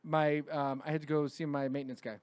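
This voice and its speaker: Profane, animated man in his thirties. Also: fairly high pitch, a little fast, no room sound. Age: 30s. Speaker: podcast host. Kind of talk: casual comedic chat.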